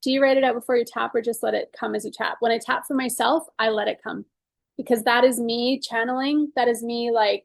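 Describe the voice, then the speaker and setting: A woman's voice: fairly high pitch, vocal fry, no room sound. A woman leading a guided tapping exercise, then chatting casually to her group as a coach, full of "like" and "you guys". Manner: calm, slow guided cues during the exercise. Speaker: tapping coach and podcast host.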